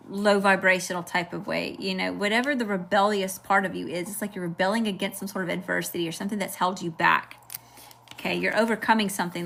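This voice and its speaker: A woman's voice: lowish voice, vocal fry, fairly bright tone, slight background noise. A woman with a Southern accent giving a live tarot reading, chatty and informal, peppering her talk with "okay" and "y'all". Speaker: tarot reader. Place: at home at a table.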